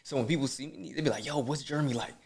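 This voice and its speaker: A male podcast host races along in a medium-pitched voice with vocal fry. His motivational, casual chat is animated, preachy and slangy, and he gives advice directly to his listeners.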